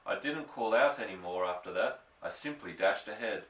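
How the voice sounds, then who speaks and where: A man reading a children's story with an expressive, lively delivery that slows down for suspense. His voice is bright and forward. A roomy echo follows him, and he sits a little back from the mic. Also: lowish voice, distant mic. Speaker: audiobook reader. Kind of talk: storybook narration.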